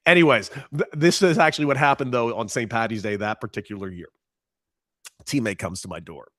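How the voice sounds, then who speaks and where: Male co-host, animated storyteller, bright forceful tone, dry close sound. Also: brisk, no room sound. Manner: animated storyteller, gets loud and high when excited. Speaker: radio co-host, former baseball player. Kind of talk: casual storytelling chat.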